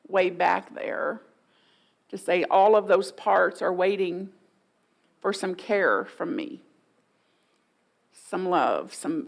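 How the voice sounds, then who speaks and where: A middle-aged woman, preaching a sermon in a folksy, playful way and acting out inner voices for the congregation. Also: on the low side. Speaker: guest minister.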